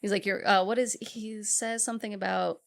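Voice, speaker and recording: Female co-host, casual recap chat, animated quoting of scenes, average pitch. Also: creaky. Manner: retells scenes in quick acted-out quotes, swears casually. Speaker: podcast co-host.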